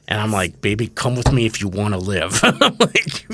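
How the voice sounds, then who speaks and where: A man's voice: fairly low pitch, slow pace, long pauses, dry recording. A man in his thirties hosting a podcast, chatting casually and telling comic stories, acting out the voices of the people he quotes. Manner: animated storyteller, acts out quotes. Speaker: podcast host. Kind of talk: casual comedic chat.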